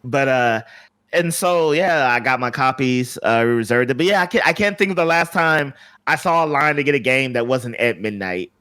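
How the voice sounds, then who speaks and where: A man's voice: mid-range voice, expressive, normal speed, pushed and bright. A man co-hosting a podcast, telling a rambling story with lots of fillers and restarts in casual chat. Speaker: podcast co-host.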